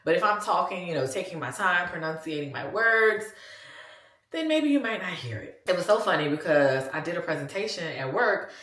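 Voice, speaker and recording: A woman's voice: fairly low pitch, very animated, brisk, fairly bright tone, echoey room. A woman in her forties with a Louisiana accent, chatting casually to her viewers in a vlog and calling them "y'all". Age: 40s. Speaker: vlogger.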